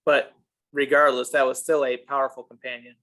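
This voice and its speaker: A man's voice: mid-range voice, little pitch movement, a little fast, pushed and bright. A man hosting a casual board game discussion, asking questions and teasing the others.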